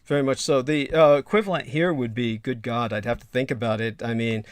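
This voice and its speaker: A man hosts a casual livestream conversation and talks in a wordy, deliberate way, pausing on fillers. His voice sits at a medium pitch. The sound is dry and close with no room echo. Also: steady tone, clear, resonant tone. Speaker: host.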